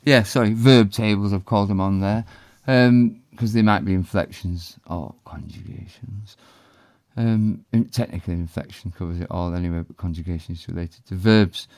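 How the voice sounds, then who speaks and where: A man teaching a language in a relaxed, explanatory way, pausing often with ums. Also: sits low, no room sound, studio quality. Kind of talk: casual spoken lesson.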